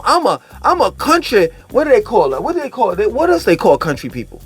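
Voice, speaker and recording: A man vlogging a casual commentary rant, animated, profane and mocking in tone. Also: high voice, fairly quick, few pauses, husky, faint music behind.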